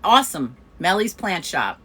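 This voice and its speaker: A woman with a fairly low, slightly breathy voice hosts a community coffee chat at a moderate pace. She tells a story casually, laughing often and animatedly acting out the people she quotes.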